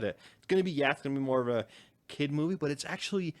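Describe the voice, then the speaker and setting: A man's voice: a little high, fast talker. Rambling, laughing young man. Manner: rambling, animated, laughs often. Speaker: podcast co-host. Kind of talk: casual chat.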